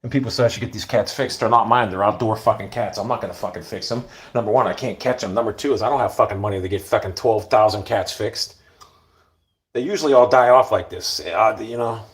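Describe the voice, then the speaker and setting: A middle-aged male vlogger rambles through a casual monologue, talking fast. He's blunt and swears a lot, often dropping to a low mutter.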